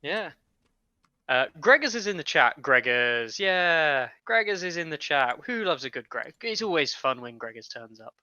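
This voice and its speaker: A man's voice: a little high, very animated, moderate pace, pushed and bright, no room sound. Male co-commentator, slightly drunk, rambling jokes, dry and slightly dull mic sound. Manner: joking, rambling, self-deprecating. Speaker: commentator and co-host. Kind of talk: casual live stream commentary.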